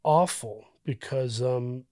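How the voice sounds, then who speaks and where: Thoughtful man speaking in halting phrases. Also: mid-range voice, a little mellow, no room sound, studio quality. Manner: thoughtful, halting with fillers and restarts. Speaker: podcast guest, actor. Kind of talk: reflective casual conversation.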